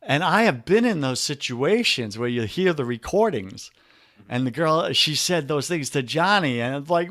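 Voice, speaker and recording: A man's voice: on the high side, expressive, normal speed, a bit bright, no echo. Man, New York accent, podcast guest, motivational coach, emphatic, preachy, dry sound. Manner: emphatic, preachy, calls listener brother. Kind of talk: energetic motivational talk.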